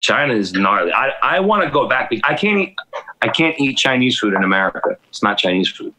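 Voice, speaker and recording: A man's voice: mid-range voice, very animated, a little fast, sharp tone, rough recording. A man casually telling a long, rambling, profane anecdote on a podcast, full of restarts and acted quotes. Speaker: guest storyteller.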